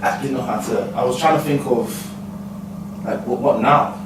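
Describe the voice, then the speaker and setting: A man's voice: mid-range voice, normal speed. A man chatting casually on a podcast, hesitant and searching for his words. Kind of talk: casual chat. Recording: roomy, distant mic with background noise.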